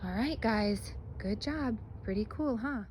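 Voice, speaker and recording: A woman's voice: on the high side, animated, a little slow, darkish tone, slight background noise. Cheerful young woman teaching children. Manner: cheerful, chatty, addresses kids as guys. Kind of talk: casual video lesson for children. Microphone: phone held in hand.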